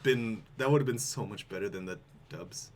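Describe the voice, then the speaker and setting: A man's voice: fairly low pitch, moderate pace. A man co-hosting a casual gaming podcast, bantering and laughing with the others. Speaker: podcast co-host.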